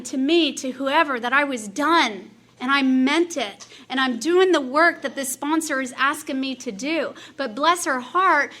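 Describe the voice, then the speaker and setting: A woman from Dallas, giving an animated recovery meeting share, laughing often and acting out her own past dialogue. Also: sits high. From Dallas, Texas. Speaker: AA speaker.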